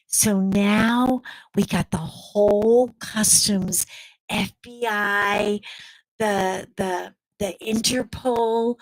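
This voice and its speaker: A woman's voice: mid-range voice, steady tone, slow, poor audio. A woman with a Texan accent rambling chattily to her viewers in casual, salty talk. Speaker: vlogger. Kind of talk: casual chat.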